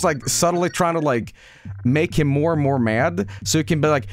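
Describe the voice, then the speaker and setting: A man's voice: a little high, normal speed. A man, a streamer casually telling a rambling, self-mocking story.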